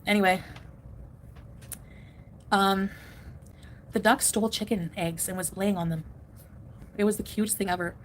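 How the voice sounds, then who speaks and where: A woman's voice: medium pitch, steady tone, unhurried, pauses often, slight background noise. A woman hosting a casual live stream from home, rambling, chatting with viewers and laughing often.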